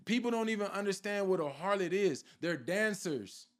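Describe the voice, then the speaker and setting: High-voiced fervent man preaching. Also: lively intonation, normal speed. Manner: fervent, fires rhetorical questions at listeners; repeats a catchphrase question for emphasis. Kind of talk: informal sermon.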